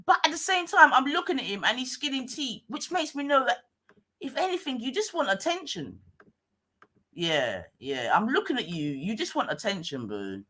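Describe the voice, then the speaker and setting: A woman's voice: on the high side, wildly swooping pitch, moderate pace, pushed and bright, slightly rough. A woman with a London accent hosting a live stream, mocking and swearing at a caller in a heated argument.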